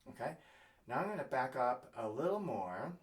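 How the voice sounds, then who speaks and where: A man teaching double bass, thinking aloud in a halting way with fillers and scatting rhythms as he plays. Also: very animated. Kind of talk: music lesson, thinking aloud while playing. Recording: roomy, mic at a distance. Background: double bass playing.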